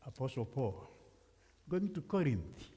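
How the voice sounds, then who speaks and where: A man's voice: medium pitch, big pitch swings, measured pace, mellow, husky. A man from Africa preaching as a guest speaker, talking conversationally and putting questions to the congregation. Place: church sanctuary. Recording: long church reverb.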